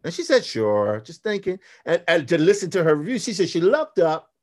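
Animated storytelling man in his fifties. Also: high voice, fairly quick, slightly rough. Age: 50s. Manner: animated storyteller, acts out quotes. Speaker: guest, graphic novelist. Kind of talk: casual podcast conversation.

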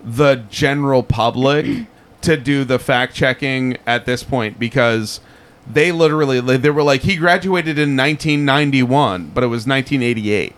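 A man's voice: medium pitch, moderate pace, fairly bright tone, clear, resonant tone. Rambling man in casual chat. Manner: rambling, heavy on fillers like "like" and "um". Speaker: podcast co-host.

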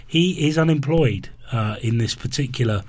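A man co-hosting a podcast, talking casually and haltingly about comics with many ums and restarts. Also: medium pitch, a little mellow, dry recording. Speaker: podcast co-host. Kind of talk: casual chat and comic review.

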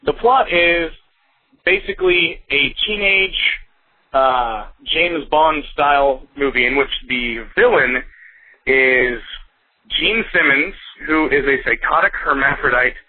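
Texan caller on a tinny phone line. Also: male voice, a little high, slow, breathy edge. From Texas. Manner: rambling, amused, fillers. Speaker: voicemail caller. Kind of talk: casual voicemail.

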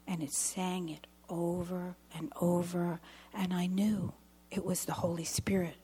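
A middle-aged woman giving an earnest personal testimony at a dinner event, slowing down and dropping to a whisper at intense moments. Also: mid-range voice, mellow, husky.

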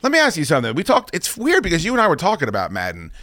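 A man hosting a podcast, telling stories in a casual, animated way and swearing often. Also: on the high side, rapid-fire, no echo, clean studio sound. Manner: animated storyteller, swears freely, laughs a lot. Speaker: podcast host. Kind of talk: casual chat.

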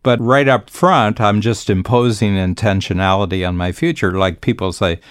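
A man's voice: fairly low pitch, steady tone, normal speed, clean tone, no room sound, clean studio sound. An older man, a business coach, talking confidently on a podcast and spinning long reflective stories. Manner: confident, storytelling, speaks in long reflective sentences. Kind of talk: conversational podcast talk.

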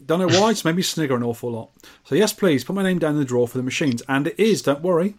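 Slightly high-voiced and quick, this podcast co-host reads out listener messages on a retro gaming show. The chat is casual, and his delivery is dry and teasing with deadpan asides.

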